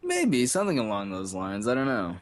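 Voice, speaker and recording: A man's voice: mid-range voice, wildly swooping pitch, a little fast, no echo. Laid back joking guy cohosting a podcast, voice goes up and down a lot, swears casually. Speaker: podcast co-host. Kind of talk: casual chat.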